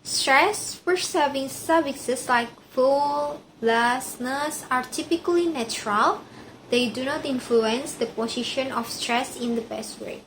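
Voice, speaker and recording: Woman student presenting coursework, high voice, slow careful reading, faint room ambience. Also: fairly bright tone, a little hiss or hum, rough recording. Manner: careful, repeats words to get the pronunciation right.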